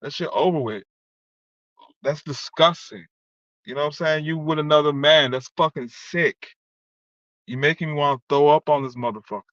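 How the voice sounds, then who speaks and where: A man's voice: fairly high pitch, moderate pace, long pauses, fairly bright tone, no echo. A man vlogging a heated, rambling monologue, cursing and repeating the same filler as he talks to someone who wronged him. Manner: rambling, profane, keeps repeating "you know what I'm saying". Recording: dull lo-fi dry recording.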